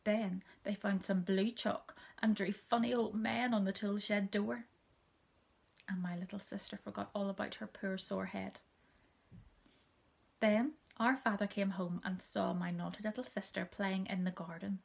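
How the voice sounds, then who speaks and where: Gravelly woman reading a children's story. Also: mid-range voice, steady tone, a little slow. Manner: soft and gentle, often dropping to a whisper.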